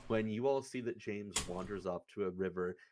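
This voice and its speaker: A man's voice: lowish voice, a little fast, noisy background. A young man running a tabletop game, recapping the session in a casual, rambling, profane way. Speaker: game master. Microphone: streaming setup.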